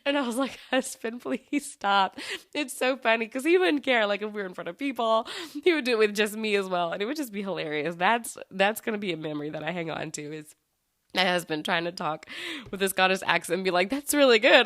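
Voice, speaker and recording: A woman hosts her own podcast in a casual, enthusiastic, gushing chat that rambles, full of fillers and restarts. She talks fast in a mid-range, fairly bright voice, with clean studio sound and no room sound.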